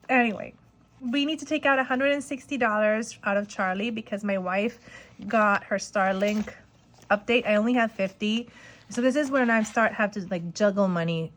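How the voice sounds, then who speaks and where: A woman in her forties chatting casually on a budgeting vlog, rambling and excited, with a lot of "like" fillers. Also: medium pitch, normal speed. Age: 40s. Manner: rambling and excited, heavy use of "like". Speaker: budgeting vlogger. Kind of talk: casual chat.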